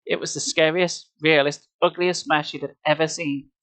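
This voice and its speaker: A man's voice: fairly high pitch, level tone, moderate pace, a bit bright, no room sound. Casual man reading a spooky story live. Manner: casual, chatty asides. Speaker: livestream reader.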